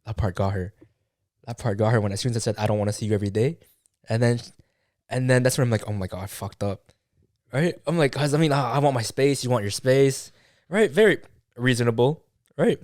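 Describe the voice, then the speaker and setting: A man's voice: medium pitch, a little fast, darkish tone, dry recording. Young man telling a story, dry mic. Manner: swearing, acts out quoted dialogue, many fillers. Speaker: podcast co-host. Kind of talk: casual storytelling chat.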